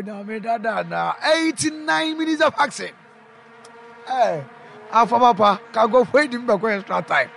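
A man with a Ghanaian accent giving excited live football commentary, shouting player names and mixing local language with English. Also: very high voice, measured pace, vocal fry, long pauses.

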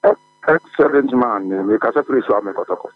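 A man with a Ghanaian accent calling a sports radio show, talking loudly and eagerly over a distant, tinny phone line. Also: medium pitch, expressive, fast talker, faint music behind. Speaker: caller.

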